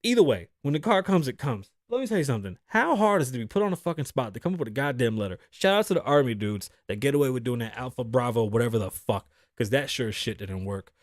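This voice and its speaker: A man hosting his own show, telling stories in a casual, profane, animated way. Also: mid-range voice, fast talker, few pauses, no echo, clean studio sound. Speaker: podcast host. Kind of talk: casual monologue.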